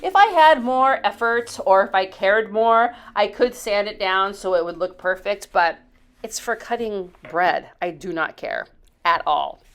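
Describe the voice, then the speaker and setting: A woman in her fifties narrating her home project in a rambling, chatty way, drifting into stories and asides. Her voice is smooth and clear, sitting at an ordinary middle pitch. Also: animated, a little slow. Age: 50s. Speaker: DIY channel host. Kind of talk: casual storytelling voice-over.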